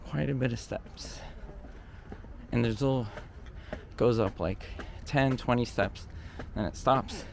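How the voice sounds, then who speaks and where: A man's voice: mid-range voice, unhurried, vocal fry. A man casually narrating an outdoor walking tour of a hillside stairway, chatty and thinking aloud, a little out of breath from the climb, recorded on a handheld camera mic. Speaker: vlogger touring a location. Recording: faint outdoor ambient noise.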